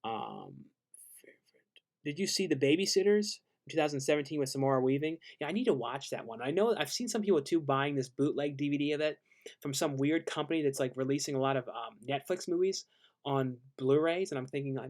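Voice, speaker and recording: A man casually hosting a live-stream Q&A, laid-back and halting as he reads out viewer questions and answers them. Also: medium pitch.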